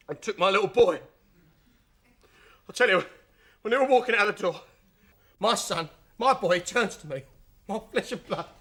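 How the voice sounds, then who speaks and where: An actor playing a brash, self-assured pub landlord who blusters and holds forth in a sitcom. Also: male voice, a little high, sharp tone. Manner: blustering and know-it-all. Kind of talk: sitcom acting.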